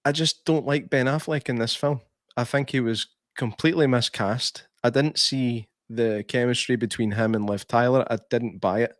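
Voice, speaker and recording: A man's voice: mid-range voice, steady tone, moderate pace, no room sound, clean studio sound. A man, co-hosting a podcast in a casual film review chat, laughing often and restarting his sentences. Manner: chatty, laughs often, many restarts and fillers. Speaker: podcast co-host.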